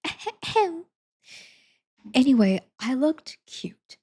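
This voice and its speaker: A woman's voice: mid-range voice, moderate pace, a little mellow. A young woman chatting casually with her stream viewers, giggling and rambling with lots of fillers. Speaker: live streamer.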